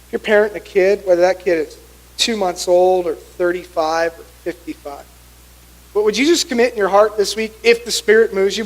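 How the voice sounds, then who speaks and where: Brief: middle-aged male pastor, high voice, animated storytelling sermon. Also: rough recording. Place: church sanctuary.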